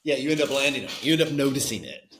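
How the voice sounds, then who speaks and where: Male teacher co-host, mid-pitched, encouraging, echoey room sound. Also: racing, fairly bright tone, a little hiss or hum. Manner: encouraging, thinks aloud with restarts. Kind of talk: casual chat.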